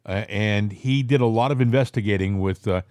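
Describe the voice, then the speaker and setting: A man hosting a casual political talk show, rambling with halting restarts. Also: fairly low pitch, a little mellow, no echo, clean studio sound. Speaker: podcast host.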